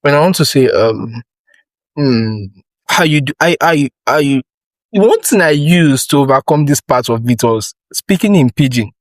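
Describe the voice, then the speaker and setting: Young Nigerian male podcast host; loose, animated, restarts a lot; mid-pitched, dry room. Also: a little slow, no room sound, rough recording. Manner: rambling, animated questions with frequent restarts. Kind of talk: casual interview chat.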